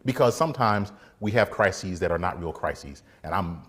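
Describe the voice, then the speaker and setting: Husky, lively man giving a faith talk. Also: sits low, normal speed. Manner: animated, laughs often, acts out little scenes. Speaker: defense attorney and faith speaker. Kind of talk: casual motivational faith talk.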